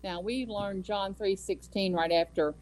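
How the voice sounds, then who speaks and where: A woman giving an earnest devotional talk on scripture, with measured delivery and emphatic repetition. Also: medium pitch, steady tone, darkish tone, poor audio. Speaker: Bible study speaker. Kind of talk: devotional teaching.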